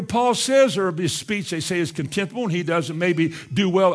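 An older man preaching a sermon in a folksy, emphatic way, moving from quiet asides to loud insistence. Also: high voice, moderate pace.

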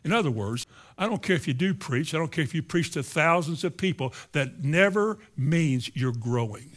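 A man preaching a sermon, moving between quiet asides and loud, emphatic lines. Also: a little high, lively intonation, normal speed.

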